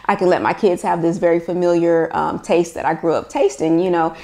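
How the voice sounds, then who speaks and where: A woman's voice: on the low side, fairly even intonation, brisk, a little mellow. A woman in her thirties from Los Angeles, casually and animatedly explaining how she recreates recipes. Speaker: recipe developer. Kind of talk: casual storytelling interview.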